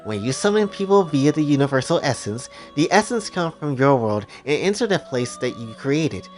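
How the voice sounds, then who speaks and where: A man voicing a haughty, sharp-tongued young female attendant in a fan story retelling. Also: fairly high pitch, sing-song, moderate pace, soft background music, voice pushed up. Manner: commanding, condescending.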